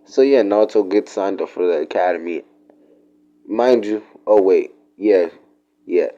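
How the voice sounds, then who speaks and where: Rambling, slangy man, low mellow voice. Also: a little slow, highs cut off. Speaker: storyteller. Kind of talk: casual fan-fiction storytelling.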